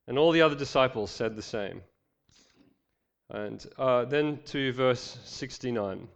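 A man's voice: mid-range voice, measured pace, vocal fry, dull audio. A male pastor preaching a sermon, reading scripture with voiced quotes and joking asides.

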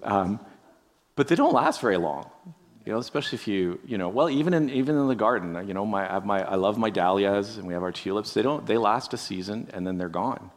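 A man's voice: fairly low pitch, animated, fairly quick. A man preaching a conversational sermon, musing aloud, asking the listeners rhetorical questions and often tagging on "right?". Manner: addresses listeners directly. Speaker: pastor.

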